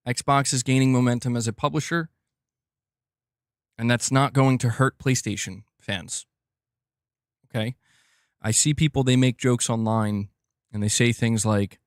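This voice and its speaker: A man with a medium-pitched, fairly even voice hosts a gaming news livestream, speaking unhurriedly with long pauses in casual commentary. He chats, reads donations aloud, and talks straight to his chat, in a studio-quality recording with no room sound.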